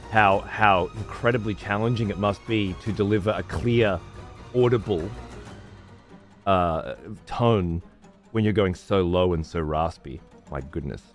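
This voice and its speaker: A man with a lowish voice chats loosely while he plays, swearing freely as his thoughts wander. Faint music sits quietly behind him. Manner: rambling, heavily profane. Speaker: streamer. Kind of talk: casual chat while gaming.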